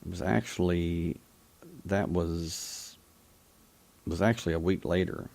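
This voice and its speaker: Deep, gravelly-voiced man telling a story. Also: steady tone, a little mellow. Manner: reflective, halting, with frequent restarts. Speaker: radio call-in show host. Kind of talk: personal storytelling on a talk show.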